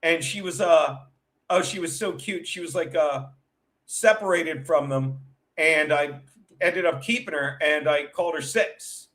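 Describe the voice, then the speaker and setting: A man's voice: fairly high pitch, unhurried, a bit bright, a little hiss or hum. A man hosting a show as a comedian, telling rambling stories in a casual, profane, chatty way. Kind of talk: casual rambling storytelling chat.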